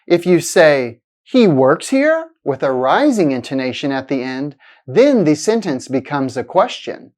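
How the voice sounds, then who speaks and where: A woman teaching a pronunciation lesson in a scripted, clear manner, stretching out example sentences. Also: low voice, lively intonation, a little mellow. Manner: clear, deliberate, exaggerated intonation in examples.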